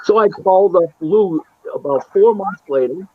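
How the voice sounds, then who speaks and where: Boxing matchmaker, male, from Buffalo; lively interview storyteller who acts out dialogue, on a dry and muffled line. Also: high-pitched, normal speed, breathy edge, no echo. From Buffalo, New York. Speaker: boxing matchmaker and booking agent. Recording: dull, lo-fi, dry sound.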